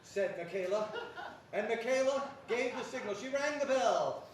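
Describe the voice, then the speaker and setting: A man's voice: very high voice, expressive, normal speed. A man hosting a live improv comedy show, narrating the scenes with hammy energy. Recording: very echoey stage, far from mic, clear noise.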